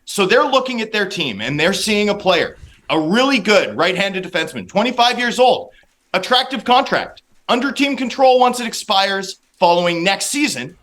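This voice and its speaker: Brief: male hockey analyst, high bright voice, animated rapid-fire rant. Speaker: hockey writer guest. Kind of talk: opinionated sports analysis.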